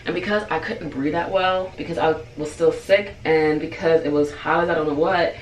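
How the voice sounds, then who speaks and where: A woman's voice: low-pitched, fairly even intonation, normal speed. Chatty woman vlogger in a roomy space. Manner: chatty, heavy use of "like", acts out quoted dialogue. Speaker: beauty vlogger. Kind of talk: casual storytime. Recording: roomy sound, distant mic, faint noise.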